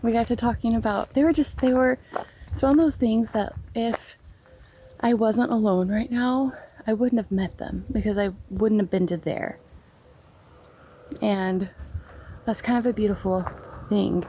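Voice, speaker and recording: A young woman vlogger telling an emotional personal story, slow and halting, her voice tearful at times. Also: on the high side, fairly even intonation, warm tone, slight background noise, rough recording.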